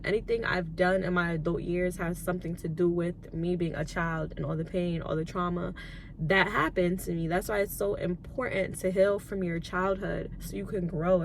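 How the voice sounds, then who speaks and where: A young woman in her twenties telling her life story in an emotional vlog, soft-spoken and on the edge of tears, with many "like"s. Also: lowish voice, slight background noise. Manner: soft-spoken, filler-heavy, tearful at times. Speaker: YouTuber and lash tech.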